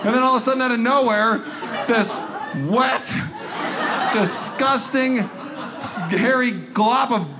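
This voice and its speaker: A man doing stand-up comedy on stage, acting out scenes with lively, exasperated energy. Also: extremely high pitch, slow, long pauses. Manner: animated, acts out scenes. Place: comedy stage before a live audience. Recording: loud crowd and room noise. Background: audience laughter.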